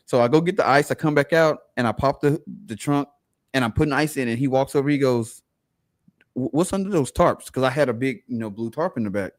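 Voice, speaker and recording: A man's voice: medium pitch, a little fast. A man with a mid-range voice, recorded close and dry with no room echo. He hosts a podcast and tells stories with energy, putting on the lines of the other people in them. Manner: animated anecdote, acting out other people's lines. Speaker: podcast host. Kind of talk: casual storytelling chat.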